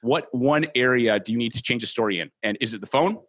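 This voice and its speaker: A man's voice: medium pitch, fast talker, a bit bright. A man hosting a training podcast, speaking earnestly and encouragingly to his listeners as a mortgage brokerage trainer. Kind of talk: motivational training talk.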